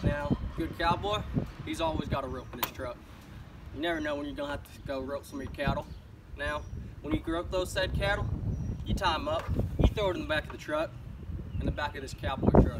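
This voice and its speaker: A man's voice: on the high side, lightly acted. A man putting on a swaggering cowboy. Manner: swaggering, folksy, mocking. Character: boastful macho cowboy man, rancher. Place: outdoors beside a pickup truck. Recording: distant mic with outdoor vehicle noise.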